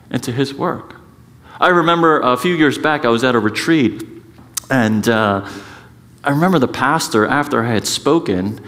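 A man in middle age delivers a sermon as a pastor, mid-pitched and joking at his own expense. He talks with lively emphasis and keeps stepping aside into quick remarks. His voice carries a long reverb from a church sanctuary. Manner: conversational and self-mocking, with lively emphasis and frequent asides.

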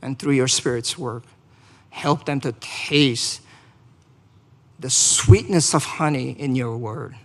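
A man's voice: mid-range voice, slow, gravelly, pauses often, a bit bright, big-room sound. A man preaching a sermon and leading a closing prayer, speaking earnestly, asking the congregation questions and rising to emphatic peaks. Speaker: pastor.

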